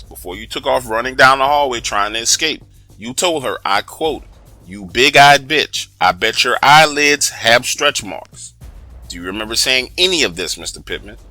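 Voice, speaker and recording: A man voicing a calm, patronizing male psychiatrist who speaks softly and slowly. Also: medium pitch, no room sound. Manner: slow, soft, measured.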